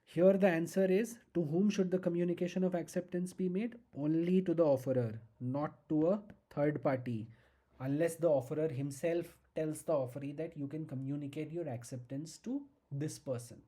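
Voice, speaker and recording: Indian english law teacher, husky low mellow tone, slow and emphatic, keeps asking okay?. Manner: slow, emphatic, repeats key questions and asks "okay?". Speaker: law lecturer. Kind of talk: exam-prep lecture.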